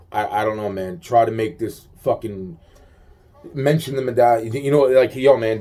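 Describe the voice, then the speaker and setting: A man's voice: on the low side, mellow. A man venting in a rambling casual monologue, agitated, profane and full of repeated fillers.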